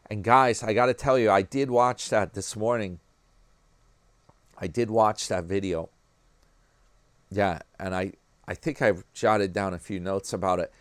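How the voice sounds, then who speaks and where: A man with a New York accent talks straight to his viewers in a loose, rambling commentary vlog, tossing in "man" and "guys" as he goes. His voice sits a little low, and the recording is close and dry with no room sound. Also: dry recording. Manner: chatty, rambling, peppers talk with "man" and "guys". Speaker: YouTube commentary vlogger.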